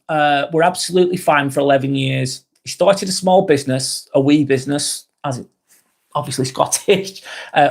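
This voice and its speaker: A British man hosting a live vlog, chatting casually and reading out viewer comments, rambling onto tangents and swearing freely. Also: a little high. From Britain.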